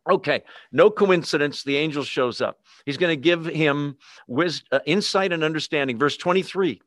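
A man's voice: fairly high pitch, normal speed, fairly bright tone. A pastor preaching a conversational sermon to a live and online congregation, often asking his listeners questions.

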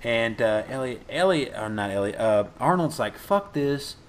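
A man recaps a movie in casual podcast chat. His pitch swings widely as he jumps into loud, high voices for the characters. He swears freely, over a faint hiss of background noise. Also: normal speed. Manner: animated, profane, acts out lines in loud high voices. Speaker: podcast co-host.

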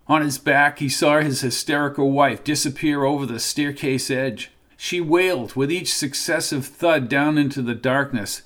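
A man giving scripted narration of a horror story in a steady, measured way. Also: mid-range voice.

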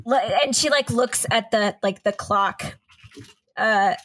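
A woman's voice: medium pitch, takes it slowly, a bit bright, no echo. A woman playing a tabletop game, describing her character's actions in a chatty, filler-heavy way. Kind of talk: casual game narration.

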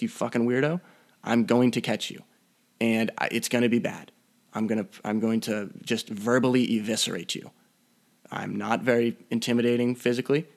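A young man with a low, creaky voice hosts a podcast solo into a podcast mic, rambling through a casual rant full of profanity and mock threats.

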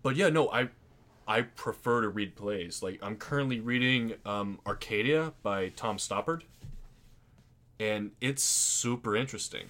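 A man's voice: lowish voice, unhurried, a bit bright. A young adult man co-hosting a casual podcast, chatty and prone to long explanations. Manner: chatty, explains things at length. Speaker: podcast co-host. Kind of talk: casual chat.

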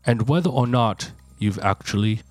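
A man's voice: lowish voice, expressive, soft background music, lightly acted. A man putting on a pompous fake British reader. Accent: put-on British. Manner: slow, pompous reading. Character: mock-posh British man reading a self-help book aloud.

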